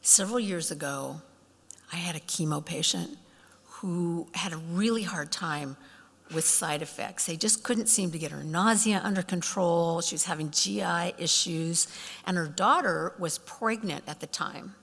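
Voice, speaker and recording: A woman's voice: lowish voice, a little slow, gravelly, slightly rough. A middle-aged woman giving a storytelling keynote speech, acting out the voices of people in her stories. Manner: animated, acts out quoted voices. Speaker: keynote speaker. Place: conference hall. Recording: long hall reverb.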